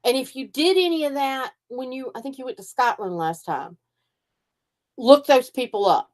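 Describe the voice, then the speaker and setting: An older woman, a psychic reader and host, telling stories in casual chat and acting out the voices of people she quotes. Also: a little high. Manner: animated storyteller, acts out quoted voices.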